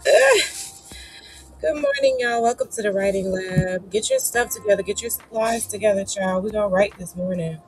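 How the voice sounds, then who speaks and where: In a casual live-stream chat, a woman who's coming down with a cold and sounds sniffly runs a writing session, playful and encouraging, full of "y'all" and "child." She speaks at a medium pitch in a sing-song way, at a moderate pace with a darkish tone. Soft music plays behind her on a rough recording.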